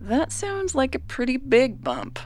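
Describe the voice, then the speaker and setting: Narrator puts on a probing older sister, wry and nosy, a bit higher than the narration. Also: female voice, expressive, moderate pace, natural voice. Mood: teasing. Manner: teasing, probing. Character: teasing protective older sister, woman.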